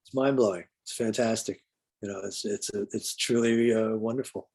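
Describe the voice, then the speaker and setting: A man's voice: lowish voice, fairly even intonation, moderate pace, breathy edge. An older man, a veteran guitarist, telling laid-back stories as an interview guest. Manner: laid-back, warm storyteller. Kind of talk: relaxed interview storytelling.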